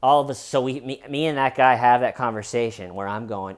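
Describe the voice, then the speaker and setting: A man's voice: a little fast, hardly any pauses. A young adult man vlogging, telling a personal story casually and acting out quoted lines in a raised voice. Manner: animated retelling, acting out quoted lines with higher pitch.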